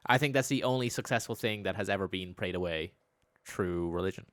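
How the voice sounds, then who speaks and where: A young man tells a story in a dry, deadpan ramble, tripping over his words as he goes. He sounds close to the mic, with no room around his voice. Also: low-pitched, brisk, no room sound. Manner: rambling, deadpan retelling with stumbles. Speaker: podcast co-host. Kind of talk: casual comedic storytelling.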